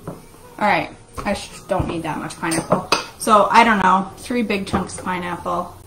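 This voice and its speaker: A woman's voice: on the low side, normal speed. A middle-aged woman, joking and chatting with viewers while she makes a shake in her home kitchen. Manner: chatty, jokey, talks to viewers while cooking. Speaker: vlog host making a shake. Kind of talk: casual live-stream chat. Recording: home kitchen recording with clear background noise.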